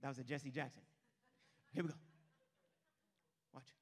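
A man preaching an animated sermon as pastor, swinging between loud outbursts and hushed lines. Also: high-pitched, moderate pace, long pauses.

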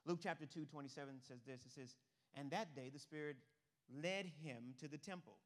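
A man preaching an animated sermon as pastor, swinging between loud outbursts and hushed lines. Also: fairly high pitch.

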